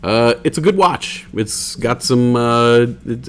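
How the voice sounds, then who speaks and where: A man's voice: medium pitch, expressive, slow pace, a bit bright, a little hiss or hum. A man hosting a live stream, chatting casually in a rambling way and swearing freely.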